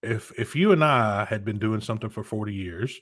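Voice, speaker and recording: Low-voiced man ranting on a podcast. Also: brisk, no room sound, clean studio sound. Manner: rambling, animated, rants with many restarts. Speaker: podcast co-host. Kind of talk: casual chat.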